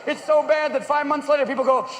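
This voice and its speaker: A man performing a stand-up comedy routine on stage, manic and rapid-fire, darting into silly voices, recorded live with a roaring audience. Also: extremely high pitch, steady tone, noisy background. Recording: roomy live show recording, loud audience laughter.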